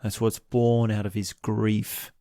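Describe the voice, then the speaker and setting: A man hosting a podcast, giving a slow, reflective commentary on a book series, often pausing and restarting his sentences. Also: lowish voice, level tone, warm tone, dry recording, clean studio sound. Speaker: podcast host.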